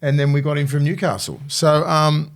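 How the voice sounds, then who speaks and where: A man's voice: on the high side, flat delivery, moderate pace, creaky. A man co-hosting a sports podcast, talking bluntly and casually with some swearing. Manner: blunt, swearing, laid-back. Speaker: podcast co-host, former player.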